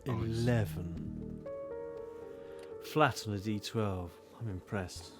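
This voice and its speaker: A man's voice: fairly low pitch, slow, gravelly. A man narrating a tabletop game as game master, teasing his players with wry asides. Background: music.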